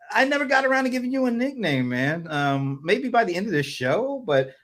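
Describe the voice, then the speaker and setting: A man's voice: sits high, very animated, moderate pace, a bit bright. A man hosting a casual livestream chat over a video call, rambling with many fillers and chuckles. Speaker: host.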